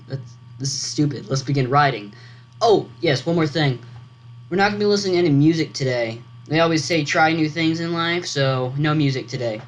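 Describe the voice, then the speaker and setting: Vlogger thinking out loud, rambly, keeps correcting themself, faint computer hum in back. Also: medium pitch, expressive, moderate pace. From United States. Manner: meandering, self-correcting, thinking aloud. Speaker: writing vlogger. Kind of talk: casual rambling vlog commentary. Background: loud computer fan hum.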